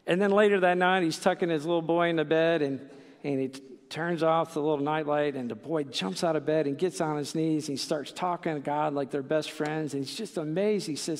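Casual male preacher, middle-aged, gravelly and slightly high, echoing through a church hall. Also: fairly even intonation, moderate pace. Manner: conversational, with many fillers and "right?" asides. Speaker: pastor. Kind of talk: sermon.

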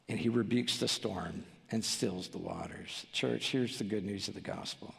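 A man's voice: medium pitch, moderate pace, vocal fry, hardly any pauses. A male pastor preaching a sermon in a church, driving his points home with rhetorical questions and pleading emphasis. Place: church sanctuary. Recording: long church hall reverb.

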